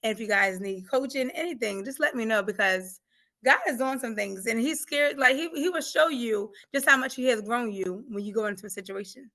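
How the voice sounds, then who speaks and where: Bright, fervent woman giving a faith testimony. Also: on the high side, a little fast. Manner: fervent and preachy, laughs often, repeats phrases for emphasis. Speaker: guest, grief coach and author.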